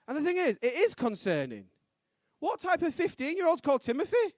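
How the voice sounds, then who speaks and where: A man, doing a quick, punchy stand-up set on a comedy club stage. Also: very high-pitched, huge pitch swings, dry recording. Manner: quick punchy delivery with sudden loud punchlines and voices.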